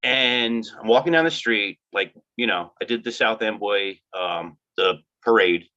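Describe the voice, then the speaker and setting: A man telling stories in casual chat on a video call, animated and acting out the voices of people he met. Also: on the low side, a little slow. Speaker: cannabis activist in costume. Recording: dull lo-fi video call audio.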